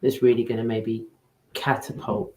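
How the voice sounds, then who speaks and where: A woman's voice: rumbling low, flat delivery, moderate pace, darkish tone. Woman in a roomy echo. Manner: earnest, questioning, asks the chat for input. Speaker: podcast co-host. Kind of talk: casual chat.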